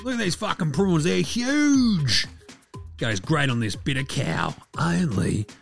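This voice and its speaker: A man's voice: animated, takes it slowly, gravelly, soft background music, heavily acted. A man putting on an overexcited, brash restaurant ad announcer who swears as he sells. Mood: hyped. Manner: hyped, brash, swearing pitchman.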